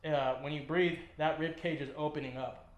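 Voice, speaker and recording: A man's voice: on the high side, steady tone, moderate pace. A man working as a fitness trainer, demonstrating and explaining lifts with short coaching cues and frequent ums as he moves. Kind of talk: instructional demonstration. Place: gym, indoors. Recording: echoey gym room.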